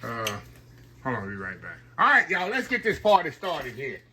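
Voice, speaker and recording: A man's voice: medium pitch, wildly swooping pitch, moderate pace, sharp tone, slight background noise. An older man hosting a casual home cooking video, chatting folksy with viewers as he works in his kitchen. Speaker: home cooking channel host.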